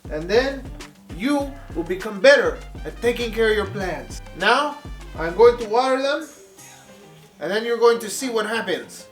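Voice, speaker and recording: A man's voice: high-pitched, expressive, unhurried, roomy sound, faint music behind, pitched above the performer's own voice. A man putting on a flamboyant plant-loving character with a mock Spanish accent, theatrical and doting. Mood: playful. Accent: put-on Spanish. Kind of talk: comic vlog persona.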